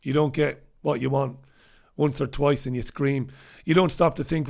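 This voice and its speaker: His medium-pitched voice is creaky and darkish, with fairly even intonation and a moderate pace. The Irish host reviews the papers solo, reading viewers' chat comments with blunt sarcasm and profane remarks.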